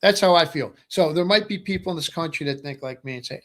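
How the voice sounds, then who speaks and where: Fast and barely pausing, a middle-aged man with a slightly high, lively voice delivers a rambling political monologue on his webcast. He keeps repeating phrases and checking in with "right?"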